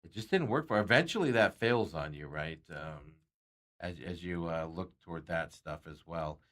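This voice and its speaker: A low-voiced man hosts a sports talk show in a loose, conversational way. He rambles, corrects himself mid-sentence and laughs lightly at his own asides. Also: expressive, moderate pace, fairly bright tone. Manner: rambling, self-correcting, chuckles often. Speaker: sports radio host.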